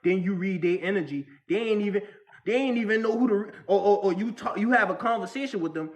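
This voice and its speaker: A man's voice: sits high, quick pace. A man delivering a casual spiritual rant to the camera, slangy and repetitive, often restarting his sentences. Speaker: vlogger.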